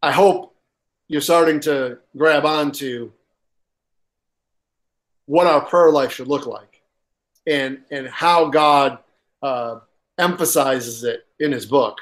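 Slow, emphatic preaching man. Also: medium pitch. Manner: emphatic, pauses for effect and repeats key points; halting with frequent uh fillers. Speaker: pastor. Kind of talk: sermon.

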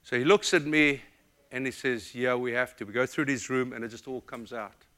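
A middle-aged man from the United States preaches in an animated storytelling style. His voice is bright and forceful at an average pitch. He pours feeling into every story. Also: moderate pace. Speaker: pastor. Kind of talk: storytelling sermon.

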